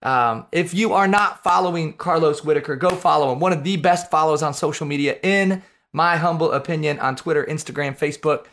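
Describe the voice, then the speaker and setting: A man's voice: on the high side, fairly quick, a bit bright. A male podcast host thanking his guest with effusive praise and closing out the show. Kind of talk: interview wrap-up and outro.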